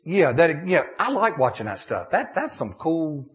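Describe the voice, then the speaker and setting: Middle-aged male preacher, high voice that swings widely, folksy sermon delivery. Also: a little slow. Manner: animated, folksy, many restarts and "okay?" checks. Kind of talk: sermon with audience questions.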